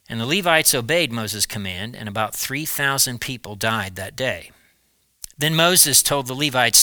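A man preaching, retelling a Bible story in a lively storytelling way with small asides. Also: mid-range voice, unhurried, no echo.

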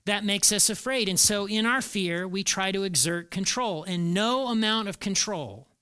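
Male pastor, middle-aged, bright and crisp, chatty sermon delivery with repeated lines. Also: high voice, moderate pace. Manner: conversational preaching, repeats key phrases for emphasis.

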